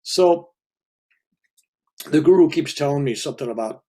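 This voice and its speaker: A man's voice: on the high side, lively intonation, normal speed, warm tone. An older man, a reverend, telling a spiritual story in a casual, rambling way. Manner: rambling, casual, with restarts and asides. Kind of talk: conversational storytelling.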